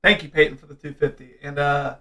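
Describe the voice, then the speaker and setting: Young male stream host, gravelly, reads chat donations in a loose casual way. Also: on the high side, fairly even intonation, fast talker, sharp tone, faint music behind. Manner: loose, filler-heavy, reads donations aloud. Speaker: livestream host.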